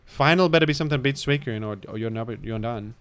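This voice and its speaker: A British-accented streamer with a clear, resonant, slightly bright mid-range voice talks fast while commenting live on the game he's playing. He rambles in a playful, mock-grandiose way, with faint music behind him.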